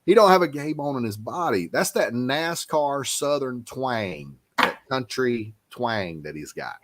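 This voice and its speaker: A man's voice: medium pitch, lively intonation, a little slow, fairly bright tone, slight background noise. A man hosting a casual fishing podcast, talking in a laid-back but emphatic way. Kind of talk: casual chat.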